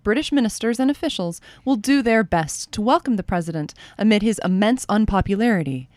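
A woman's voice: mid-range voice, animated, brisk, a little mellow, no echo. A woman hosting a comedy news radio parody as a dry, patient interviewer. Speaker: radio show host.

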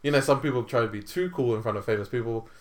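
A man's voice: mid-range voice, racing. A man tells a story in a laid-back way. He fills his talk with ums, likes and little laughs, like he's chatting with friends. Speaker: tournament organiser. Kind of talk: casual chat.

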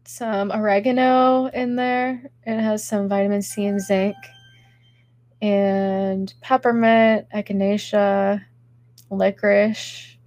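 A woman's voice: medium pitch, level tone, slow, a little mellow, no echo. A young woman hosting a casual livestream podcast, chatting with her chat while sick and stuffy, with lots of giggles and filler words. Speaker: podcast host reading chat.

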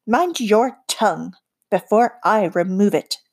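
A commanding witch queen of the deep dark, put on by a woman reading aloud speaks with icy, imperious scorn. Her words come slow and measured, and her warnings cut. It is a storybook villain voice. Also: expressive. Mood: scornful.

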